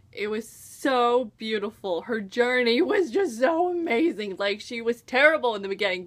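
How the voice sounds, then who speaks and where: A woman's voice: a little high, fairly bright tone. A teenage American girl reviewing a book in a casual vlog. She gushes, saying "like" and "oh my gosh" all the time. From United States. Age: teens. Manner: gushing, enthusiastic, full of "like" and "oh my gosh".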